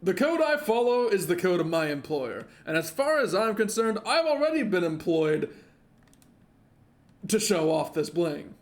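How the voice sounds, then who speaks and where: A man streaming a game, giving excitable, joking commentary and laughing often. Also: sits high, a little slow. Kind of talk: casual gameplay commentary.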